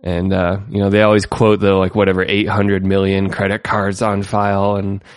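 A man's voice: low-pitched, completely flat delivery, moderate pace, no room sound, clean studio sound. A man co-hosting a casual tech podcast, chatty and sarcastic, laughing often. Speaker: podcast co-host.

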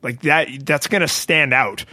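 A man's voice: a little high, unhurried, dry recording. A man co-hosting a podcast, talking casually and wryly about tech companies and acting out quoted voices. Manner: wry, animated, acts out quoted voices.

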